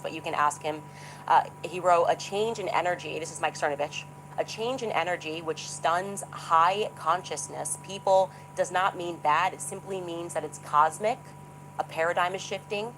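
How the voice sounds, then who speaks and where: Low-voiced woman telling a story. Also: fairly bright tone, slight background noise, rough recording. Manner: reads quotes aloud, dramatic emphasis. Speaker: speaker in a played clip. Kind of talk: storytelling monologue.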